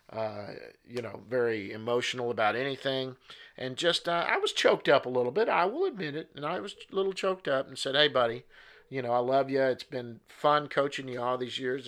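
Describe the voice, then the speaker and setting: A man's voice: medium pitch, fairly bright tone. A middle-aged man, hosting a sports talk show in a folksy, rambling monologue. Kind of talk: casual spoken monologue.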